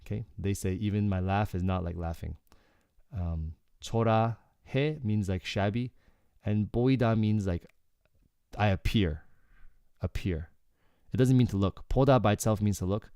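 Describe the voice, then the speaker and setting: A man teaching Korean through song lyrics in a relaxed, explanatory way, often checking in with "okay" and filling with "like". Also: lowish voice, moderate pace, clear, resonant tone, no room sound, clean studio sound. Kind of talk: casual lyrics breakdown lesson.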